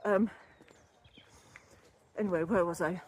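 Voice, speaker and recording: A fairly low, husky voice with a steady tone and slow pace belongs to an older woman chatting on a canal-side walk, slightly breathless. She is a wellbeing vlogger and former yoga teacher trainee who rambles casually and laughs easily about wellbeing, recorded through a built-in camera or phone mic.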